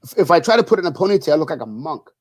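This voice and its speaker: A man's voice: on the high side, big pitch swings, rapid-fire. A middle-aged man co-hosting a casual chat show, rambling and teasing like a big brother. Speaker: co-host.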